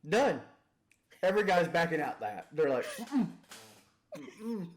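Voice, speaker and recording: A man co-hosting a casual comedy chat, joking and acting out voices with deadpan punchlines. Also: fairly high pitch, moderate pace. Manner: jokey, acts out silly voices, deadpan punchlines. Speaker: podcast co-host.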